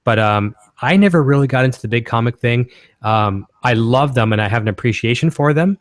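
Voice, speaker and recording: A man's voice: medium pitch, animated, a little fast, no echo, clean studio sound. A man from Canada hosting a casual guitar-gear livestream, talking in an enthusiastic, rambling way.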